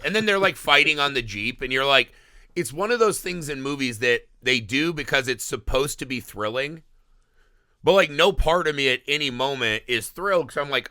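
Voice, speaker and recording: A man on a podcast tears into a film in rambling, profane bursts, slipping into mock voices for the characters. His tone is sharp and bright, and the recording is dry and close with no room around it. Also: medium pitch, fairly quick, no echo. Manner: animated, profane, rambling with acted-out quotes. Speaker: podcast co-host. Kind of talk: casual movie review chat.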